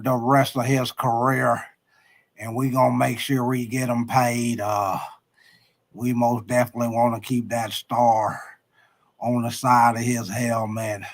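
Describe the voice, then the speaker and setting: Man doing a low, slow, evasive old team owner. Comic impression, drawled and full of stalling pauses. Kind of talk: comic impression on a live sports stream.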